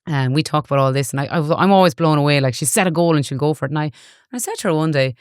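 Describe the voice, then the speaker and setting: Brief: Galway Irish woman, forties, rapid and chatty guest, smooth clear voice, dry close sound. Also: sits low, no room sound. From Ireland. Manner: chatty storyteller, earnest. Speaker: guest, online safety educator. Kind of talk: casual interview chat.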